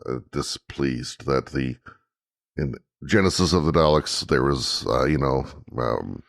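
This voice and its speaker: A man co-hosting a casual fan podcast, talking haltingly with many fillers and restarts. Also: very deep voice, creaky, no room sound, clean studio sound. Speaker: podcast co-host.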